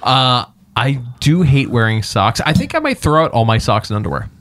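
A man co-hosting a podcast, joking crudely and swearing a lot in casual banter. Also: normal speed. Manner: lively, swearing, animated swings in pitch. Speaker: podcast co-host.

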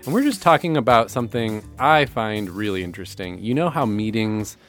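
Easygoing low-voiced man hosting a podcast. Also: animated, brisk, a bit bright, soft background music. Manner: easygoing, laughs often, trails off mid-sentence. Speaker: podcast host. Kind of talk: casual podcast chat. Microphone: studio microphone.

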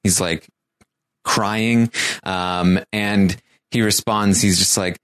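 A man giving a casual show recap, talking in a halting way with many pauses and restarts. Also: lowish voice, fairly even intonation, a bit bright, smooth.

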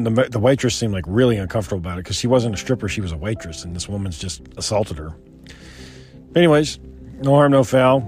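A man's voice: fairly low pitch, a little mellow. A young man telling a rambling, profane personal story, quoting others in his own voice.

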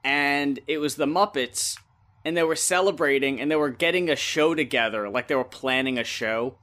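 Co-hosting a podcast, a man speaks in a voice on the high side that sounds pushed and bright. The chat is casual: he rambles, curses without restraint, and replays scenes with quick character voices.

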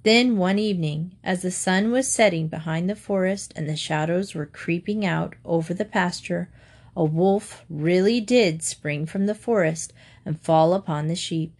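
A woman calmly reading fables aloud, clear and steady as a storyteller. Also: lowish voice, a little slow. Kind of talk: scripted storybook narration.

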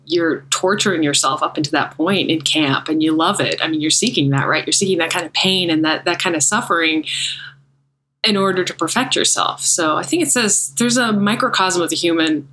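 An American woman chatting casually on a podcast, rambling a bit and laughing at herself. Her voice is fairly low-pitched yet bright and forward. A faint hum sits under the recording. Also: a little fast, rough recording. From United States. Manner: rambling, self-deprecating, laughs often. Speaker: MMA commentator and podcast co-host.

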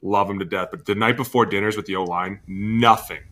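A man's voice: on the low side, fairly quick. A man co-hosting a football podcast, telling locker-room stories in casual chat and acting out what people said. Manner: animated storyteller, acting out loud quotes. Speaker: podcast co-host, former NFL lineman.

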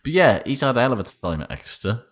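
A man's voice: mid-range voice, very animated, quick pace. A man co-hosting a podcast, chatting casually about rugby news in a dry, sweary way and laughing often. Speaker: podcast co-host.

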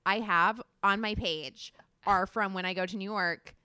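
A woman's voice: medium pitch, fairly even intonation, unhurried, pushed and bright, smooth, no room sound. Woman, twenties, podcast co-host, giggly, rambling, crude jokes, dry close mic. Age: 20s. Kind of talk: casual chat.

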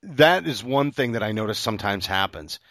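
A man's voice: lowish voice, animated, moderate pace, a bit bright, no room sound, clean studio sound. Reflective man asking long questions. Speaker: podcast interviewer. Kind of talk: casual podcast interview. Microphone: remote call.

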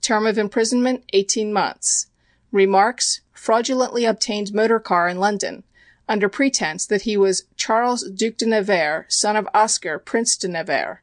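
A woman reading an audiobook chapter in an even, measured narration. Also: mid-range voice, no echo.

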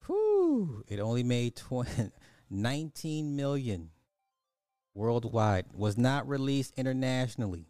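A man's voice: medium pitch, unhurried, a little mellow, clean tone, dry recording, studio quality, faint music behind. A man hosting a podcast, giving casual, sarcastic commentary and thinking aloud as he looks up numbers. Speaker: podcast host.

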